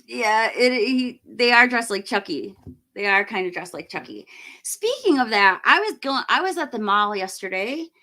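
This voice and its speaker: A middle-aged woman hosting a live stream, chatting enthusiastically and rambling with fillers, her voice slightly hoarse as she loses it. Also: fairly high pitch, lively intonation, normal speed, bright, forceful tone. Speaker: livestream host. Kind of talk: casual live-stream chat.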